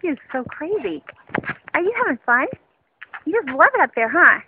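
A woman's voice: high voice, very animated, moderate pace, phone-quality sound, noisy background. A woman talking sweetly to her dog in a casual home video outdoors. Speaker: dog owner filming her pet.

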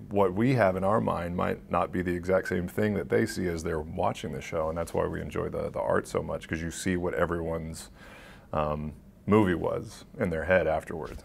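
A man's voice: low voice, vocal fry, slight background noise. A man working as a voice actor, answering interview questions in a rambling, casual way and laughing often. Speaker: voice actor guest.

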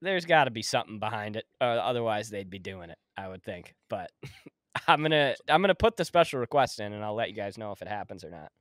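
A young man co-hosting a podcast in casual chat, relaxed and joking, swearing now and then. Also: on the low side, a little fast, dry recording, studio quality. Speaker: podcast co-host.

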